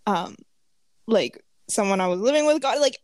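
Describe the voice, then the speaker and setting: A woman's voice: a little high, lively intonation, normal speed, a little mellow, no room sound, clean studio sound. A young woman co-hosting a podcast, teasing her friends playfully and laughing a lot. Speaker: podcast co-host. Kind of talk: casual chat.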